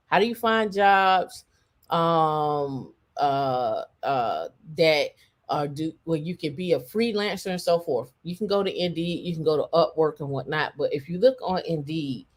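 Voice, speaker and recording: A woman hosting a casual tech livestream, talking in a rambling way with many fillers and restarts. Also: deep voice. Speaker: show host.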